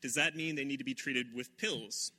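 A man who is a psychiatrist, giving a measured, explanatory prepared talk. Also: mid-range voice, sharp tone.

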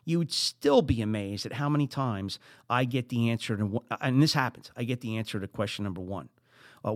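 Jersey guy, middle-aged, podcast host, gets animated and pitchy on the big points, dry close sound. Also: brisk, no echo. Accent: New Jersey. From New Jersey. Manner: animated, acts out exasperated quotes, rising into high emphatic bursts. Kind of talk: business advice monologue.

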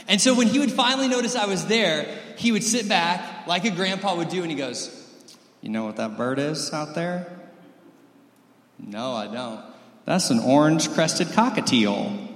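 A man in his thirties preaching a sermon and telling stories, moving between loud lively stretches and soft close ones. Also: sits high, roomy sound, long reverb tail. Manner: storytelling, swings from loud and lively to soft and intimate. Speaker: pastor.

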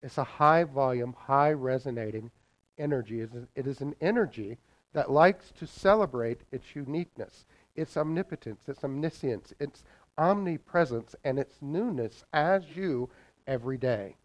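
A man preaching a morning lesson as a minister, telling a parable with expressive shifts in loudness for emphasis. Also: medium pitch, moderate pace, poor audio. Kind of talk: sermon with a told parable.

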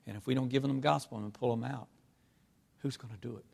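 A man preaching a sermon, telling personal stories with emotion, swinging from hushed tones to loud outbursts. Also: mid-range voice, fairly even intonation, fast talker, vocal fry. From North Carolina. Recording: long hall reverb.

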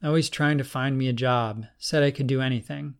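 Audiobook: narrator plays a shaken young man, mid-twenties, halting delivery. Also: mid-range voice, steady tone, clear, resonant tone, natural voice. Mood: subdued. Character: grieving young man, shaky, disheveled.

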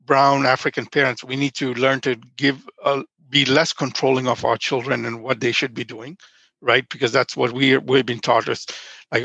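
A man's voice: medium pitch, flat delivery, moderate pace, creaky, fairly bright tone, dry recording, lo-fi sound. A man in his fifties from Nigeria, a podcast guest telling rambling stories in casual conversation. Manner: rambling storyteller, frequent restarts.

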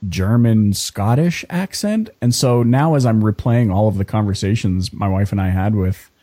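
A Canadian-accented man hosts a casual interview with a playful, joking manner. His voice is warm and mellow, and his pitch moves around a lot as he talks. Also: lively intonation, normal speed. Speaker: podcast host.

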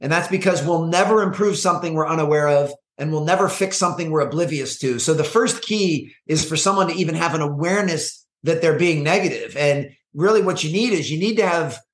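A man talks in an earnest, measured way, often restarting his sentences as he explains his view. His voice sits a bit high for a man and rings with a roomy echo. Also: fairly bright tone. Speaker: podcast guest, performance coach. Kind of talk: conversational interview.

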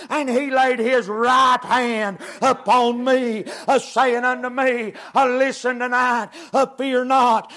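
A man preaching a revival sermon in a drawl, his voice pitched very high. He takes it slow and drawn out, building through chanted repetitions into shouts.

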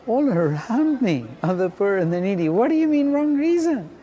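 A man telling a story in a ministry video, slow and measured. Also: high-pitched, sing-song, mellow, dull audio. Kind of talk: storytelling testimony.

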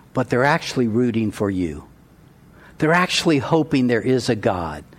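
A man preaching a sermon, retelling a story in an animated, storytelling way and building to emphatic peaks. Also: on the high side. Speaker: pastor.

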